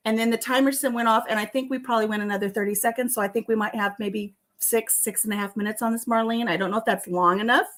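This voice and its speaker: A woman's voice: a little high, steady tone, quick pace, hardly any pauses, a bit bright. A woman hosting a casual home vlog, chatting and telling stories with a lot of laughter. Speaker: vlog host. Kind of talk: casual chat while tasting tea.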